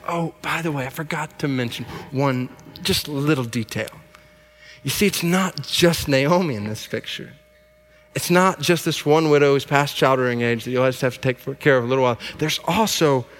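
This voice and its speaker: A man preaching a sermon, telling the story in a lively way and acting out the people in it. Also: on the high side. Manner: animated storytelling, acts out characters. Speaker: pastor. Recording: long hall reverb.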